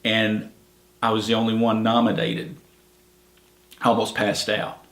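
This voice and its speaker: A man's voice: fairly low pitch, monotone, a little slow, gravelly, fairly bright tone. A middle-aged man, a park ranger, telling stories in an easygoing, plainspoken way in an oral history interview, with many fillers. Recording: echoey room.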